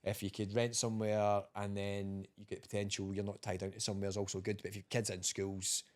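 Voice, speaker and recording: A man's voice: fairly low pitch, flat delivery, fast, darkish tone. A Scottish man chatting as a podcast guest, laid-back and swearing freely. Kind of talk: casual chat.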